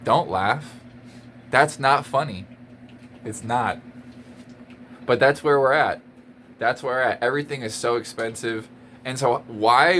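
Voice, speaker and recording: A man's voice: medium pitch, fairly bright tone, slight background noise. A man vlogging a casual rant to camera, exasperated and emphatic, often repeating his points and laughing between lines.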